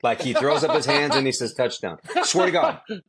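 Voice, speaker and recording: A man's voice: fairly high pitch, fast, creaky, a loud crowd. A middle-aged man, a quarterback trainer, telling stories in a casual podcast chat, emphatic and repeating himself for effect. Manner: animated storytelling, emphatic, repeats phrases.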